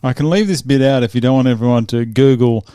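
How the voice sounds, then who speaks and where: A man's voice: mid-range voice, fast talker, dark tone, smooth, no echo, studio quality. A man hosting a casual interview, joking and laughing often. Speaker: podcast host.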